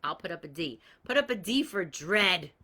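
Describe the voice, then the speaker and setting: A woman's voice: fairly low pitch, sing-song, moderate pace, pushed and bright. A woman hosting a live coaching call, talking bluntly and swearing freely as she gives everyday examples and greets viewers by name. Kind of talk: casual live-stream coaching talk.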